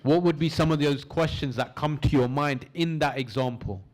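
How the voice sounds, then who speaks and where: A man leading a training course, lecturing a class, asking the audience questions and slowing down for emphasis as he guides them through an imagined scene. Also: a little high. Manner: lively teaching, asks the audience questions; slows down for emphasis in guided imagery. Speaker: course instructor.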